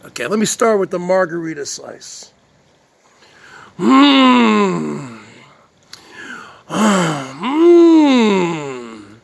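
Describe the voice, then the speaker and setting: A man's voice: sits high, lively intonation, normal speed, vocal fry, few pauses, breathy edge, exaggerated voice. A man doing a bragging Jersey pizza lover. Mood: boastful. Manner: loud smacking yummy sounds, bragging. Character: boastful Jersey man savoring pizza slices.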